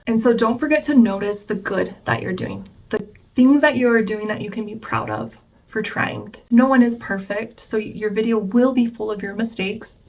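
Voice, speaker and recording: A woman's voice: on the high side, moderate pace, a little mellow. A woman therapist giving relationship advice in a chatty vlog, explaining and acting out the things people say to themselves. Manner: chatty, explains, acts out quoted self-talk. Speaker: family therapist.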